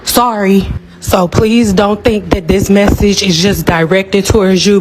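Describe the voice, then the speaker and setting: A woman's voice: mid-range voice, darkish tone, slight background noise. Blunt, sassy woman stylist ranting. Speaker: hair stylist. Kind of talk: casual direct-to-camera rant.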